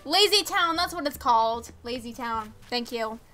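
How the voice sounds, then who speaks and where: Teen girl gaming on stream, super high voice, just chatting and reacting to villagers. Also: lively intonation, normal speed, pushed and bright, soft background music. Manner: chatty, reads chat aloud, reacts to game villagers. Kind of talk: casual live-stream chat while gaming.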